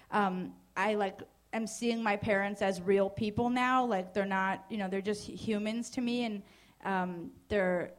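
A young woman from New Jersey doing a stand-up comedy set on a club stage, casual and crude, with hesitant fillers and self-mocking asides. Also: medium pitch.

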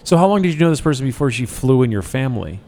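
A man hosting a casual interview, teasing his guest with quick, pointed questions. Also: medium pitch, very animated, dark tone, a little hiss or hum. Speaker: podcast host.

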